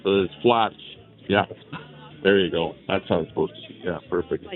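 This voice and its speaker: Soft background music plays as a man with a low-sitting voice talks at a moderate pace. He's live streaming from a chair at an outdoor rally, chatting casually and welcoming viewers in the chat. A small clip-on mic gives tinny, phone-like lo-fi sound.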